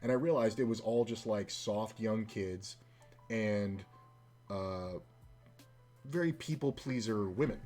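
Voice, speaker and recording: A man with a lowish voice talks casually as he streams, drifting between a long, profane story and quick asides about his game. Soft music plays faintly underneath. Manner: profane, rambling storyteller with side comments. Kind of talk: casual storytelling while gaming.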